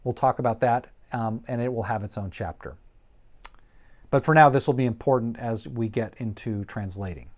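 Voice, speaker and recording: A man teaching Greek vocabulary in a lecture, repeating each word slowly and deliberately with frequent ums. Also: mid-range voice, darkish tone.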